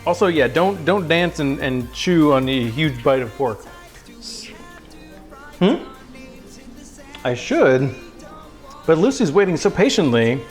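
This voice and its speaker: A man with a somewhat high voice hosts a casual cooking livestream from his home kitchen. He chats loosely with viewers, pokes fun at himself and coos at his dog. Faint music plays in the background. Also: sing-song, slow, long pauses. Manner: chatty, self-mocking, coos at his dog.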